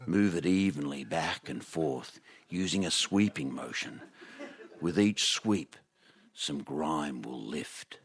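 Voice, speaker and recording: Man doing a slow, earnest suburban handyman. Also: deep voice, slightly rough, no echo, voice pushed down, full character voice. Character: earnest middle-aged man describing pressure washing.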